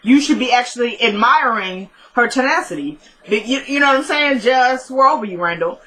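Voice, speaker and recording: A woman giving a casual, opinionated recap of a TV episode. She talks in a chatty way, with quick asides and jokes. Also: fairly high pitch, lively intonation, bright, forceful tone, rough recording. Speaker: TV episode reviewer.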